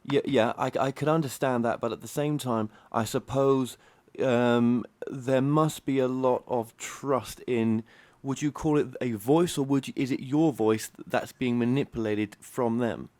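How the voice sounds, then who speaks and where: Male interviewer, mid-range voice, halting and fumbling questions. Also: medium pitch, darkish tone. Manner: halting, stumbling questions with repeated words. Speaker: interview host. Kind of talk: conversational interview.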